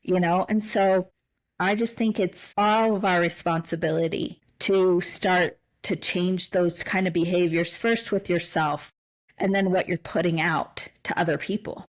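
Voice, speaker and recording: Woman podcast cohost, low-ish voice, thoughtful and kinda emotional, lots of restarts. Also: steady tone, measured pace, low-quality recording. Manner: reflective, gets emotional, many restarts. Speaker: podcast co-host. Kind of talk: casual conversational podcast.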